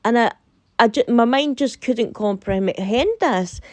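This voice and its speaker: Scottish woman, storytime narration, slow unhurried delivery, dry close sound. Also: on the high side, dry recording. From Scotland. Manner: animated, quotes herself and her friend in dialogue.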